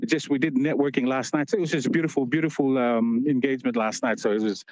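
A man's voice: mid-range voice, steady tone, fast talker, darkish tone, no echo. A man reporting as a correspondent on a radio show over a phone call, chatty and laughing often as he tells stories. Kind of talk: casual live report.

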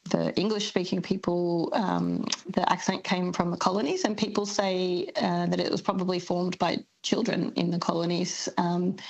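A woman academic gives a radio interview in a lowish voice with a gravelly, husky edge. She answers thoughtfully and pauses often on ums while she works out her points. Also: low-quality recording. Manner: thoughtful, hesitant with many ums. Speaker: linguistics academic guest.

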